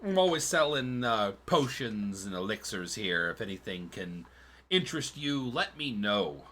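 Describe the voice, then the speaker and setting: A man's voice: fairly low pitch, big pitch swings, unhurried, pushed and bright, heavily acted. A man voicing a courteous, slightly hesitant male potion seller in a tabletop game. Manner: courteous, hesitant merchant talk. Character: polite male potion seller, fussy shopkeeper.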